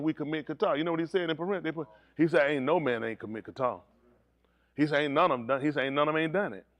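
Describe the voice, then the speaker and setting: Fiery man preaching, dry close sound. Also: no echo. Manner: swings from low teaching tone to high shouted preaching; teasing asides to congregation. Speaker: pastor. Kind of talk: sermon.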